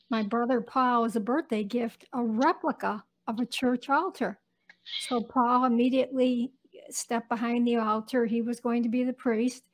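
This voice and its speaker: A woman in her seventies, an interview guest recounting her own childhood in unhurried, reflective storytelling. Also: a little high, poor audio. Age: 70s. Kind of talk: personal storytelling.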